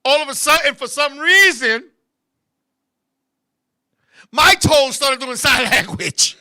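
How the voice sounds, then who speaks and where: A man hosting a comedy show, telling a crude story loudly and animatedly, laughing often and putting on voices to quote people. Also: extremely high pitch, lively intonation, takes it slowly. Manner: crude and profane; puts on voices to quote others. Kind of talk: comic storytelling to co-hosts.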